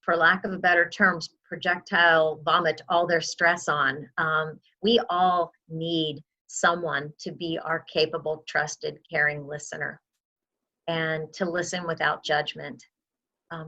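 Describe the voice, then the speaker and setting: A woman's voice: low-pitched, fairly even intonation, measured pace, pushed and bright, muffled recording. A woman who works as a memory outreach specialist, giving earnest advice in an interview and acting out what a caregiver might say.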